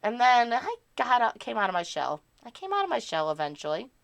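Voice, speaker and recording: A woman's voice: fairly high pitch, huge pitch swings, brisk, vocal fry, no echo. A woman chatting casually on a live stream, answering her chat in a rambling, candid and self-deprecating way.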